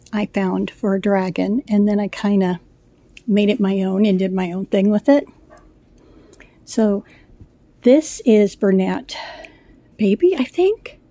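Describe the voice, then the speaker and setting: A woman's voice: mid-range voice, warm tone, no echo. A middle-aged woman chatting casually about her crochet work, gushing and rambling with fillers, a little out of breath. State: slightly out of breath. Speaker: crochet vlogger. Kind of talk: casual show-and-tell chat.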